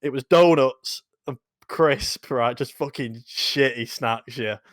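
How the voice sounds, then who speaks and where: A young man co-hosting a podcast, telling sweary anecdotes in a casual, animated way. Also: medium pitch, slow pace, no echo, clean studio sound. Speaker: podcast co-host. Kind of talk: casual storytelling chat.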